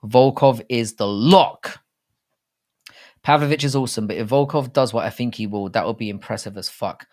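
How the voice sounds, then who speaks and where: He talks quickly with few pauses, his voice on the lower side, as he runs a casual stream about betting on fights. The chat is jokey, crude and rambling, with many false starts.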